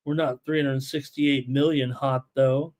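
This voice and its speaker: A man hosting a live sports betting show, excitable and full of "uh" fillers, reading viewer chat aloud. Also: mid-range voice, a little slow.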